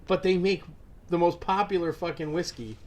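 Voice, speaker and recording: A man co-hosting a casual podcast, talking in a relaxed way and swearing freely. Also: high voice, moderate pace. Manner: laid-back, swears freely. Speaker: podcast co-host. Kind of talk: casual crude podcast banter. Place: indoor room, video podcast.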